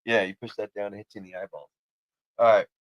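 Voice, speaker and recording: A man's voice: on the low side, level tone, fast talker, no room sound, highs cut off. A man co-hosting a casual podcast, easygoing and rambling, often giggling as he talks. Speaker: podcast co-host. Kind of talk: casual chat.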